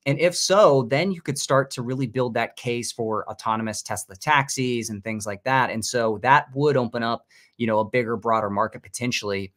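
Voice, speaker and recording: A man co-hosting a money show, giving measured, analytical market commentary with frequent "you know" hedges. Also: medium pitch, fairly bright tone. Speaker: co-host.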